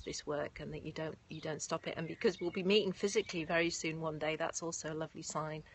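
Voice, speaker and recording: A woman's voice: sits low, a bit bright, husky. A woman, a yoga nidra teacher, chatting effusively with viewers on a live stream from outdoors and thanking them by name. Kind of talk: live-stream chat after a guided meditation. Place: outdoors in nature. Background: faint birds and distant sirens.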